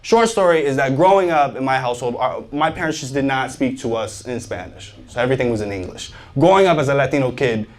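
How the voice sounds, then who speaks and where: A man doing a stand-up comedy set on stage, animated and joking, often laughing at his own lines. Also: medium pitch. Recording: noisy live stand-up recording.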